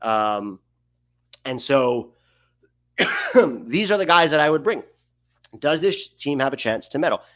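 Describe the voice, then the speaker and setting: A man's voice: mid-range voice, lively intonation, slow pace, pauses often, a bit bright, no room sound. A man hosting a livestream, giving emphatic, opinionated sports commentary and often tossing in rhetorical questions. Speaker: host of a soccer livestream.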